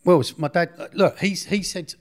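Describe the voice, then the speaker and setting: A man's voice: high-pitched, normal speed. Rambling middle-aged man. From Essex, England. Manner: rambling, self-correcting, acts out others' speech. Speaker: interview guest. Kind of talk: casual storytelling in a podcast interview.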